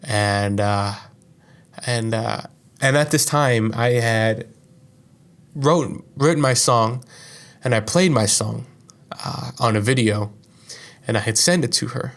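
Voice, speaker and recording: A man's voice: medium pitch, slow, long pauses, fairly bright tone. A young man hosting a podcast, telling a personal story in a casual, rambling monologue full of profanity and fillers. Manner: profane, rambling, heavy use of "like". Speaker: podcast host.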